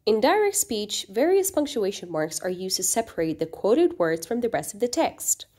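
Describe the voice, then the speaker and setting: A woman's voice: mid-range voice, big pitch swings, moderate pace, a little mellow. A woman teaching a recorded grammar lesson, explaining patiently and often checking in with the class. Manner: reads quoted sentences in a lifted, acted-out voice.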